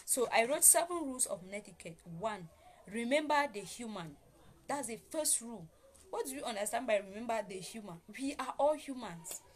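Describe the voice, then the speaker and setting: A woman's voice: on the high side, expressive, moderate pace. A woman hosting a casual spoken lesson on online manners, repeating her points emphatically and explaining them step by step. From Africa. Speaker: host teaching online manners.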